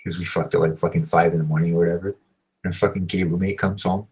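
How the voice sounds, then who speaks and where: A man telling a crude, rambling story, swearing constantly and filling every pause. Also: sits low, flat delivery, darkish tone, slightly rough, rough recording. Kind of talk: profane storytelling monologue.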